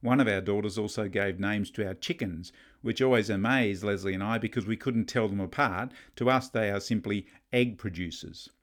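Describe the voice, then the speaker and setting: A man's voice: fairly low pitch, moderate pace, few pauses. A middle-aged man delivering a conversational sermon with humorous asides and family stories. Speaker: preacher.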